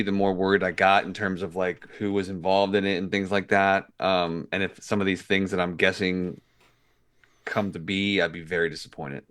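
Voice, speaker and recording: A man's voice: low-pitched, fairly bright tone. A man co-hosting a movie podcast, talking casually with some hesitation. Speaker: podcast co-host. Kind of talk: casual chat.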